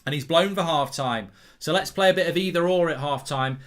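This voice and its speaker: A man's voice: on the high side, fairly quick, a bit bright. A man hosting a football watchalong live stream, chatting casually and reading out viewer comments in a rambling, self-mocking way.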